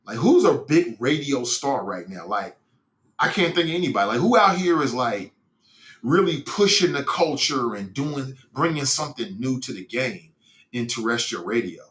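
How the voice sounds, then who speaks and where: A man's voice: mid-range voice, sing-song, normal speed, fairly bright tone, reverberant. A middle-aged man from Cincinnati hosting a casual podcast stream, reading viewer comments aloud in a loose, rambling way with slang and restarts. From Cincinnati, United States. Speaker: podcast host reading live chat. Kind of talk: casual livestream talk.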